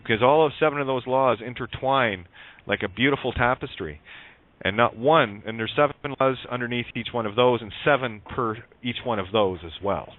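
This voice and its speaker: A man's voice: medium pitch, normal speed. A male radio show host talking casually on a call-in show, rambling with many fillers and turning blunt and profane when annoyed. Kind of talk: call-in talk show chat. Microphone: headphones and studio mic. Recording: tinny phone-like line with faint hiss.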